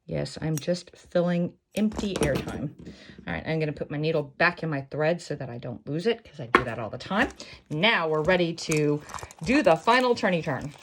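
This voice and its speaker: Rambling, jokey woman, lowish voice. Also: expressive, moderate pace, heavy background noise. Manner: rambling, self-mocking, jokey asides. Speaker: sewing tutorial host. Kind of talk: casual chatty craft tutorial.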